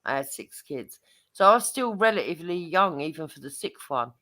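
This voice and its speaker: A woman's voice: lowish voice, brisk. A middle-aged woman, telling brash, swearing stories in casual chat. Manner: swearing, lively storytelling with laughs.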